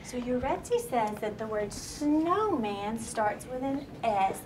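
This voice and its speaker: A woman teaching a kindergarten class to read, her fairly high voice patient and full of questions. She stretches words out slowly for the children. The classroom recording carries clear background noise. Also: animated, a little mellow. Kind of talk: classroom shared reading lesson.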